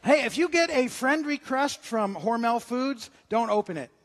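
A man's voice: extremely high pitch, expressive, normal speed. A man preaching a sermon as pastor, conversational and cracking jokes between scripture readings. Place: church sanctuary. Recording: long church hall reverb.

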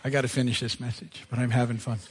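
A male pastor preaching a sermon in a conversational, animated way, laughing at himself as he goes. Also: mid-range voice, fast talker, slight background noise. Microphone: live sermon mic. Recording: church service audio.

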